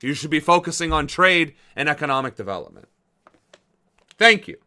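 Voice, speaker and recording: A man riffing on a political livestream in loose commentary. His voice sits slightly high and rings bright and forceful. He is sarcastic and incredulous and swears freely. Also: big pitch swings, moderate pace.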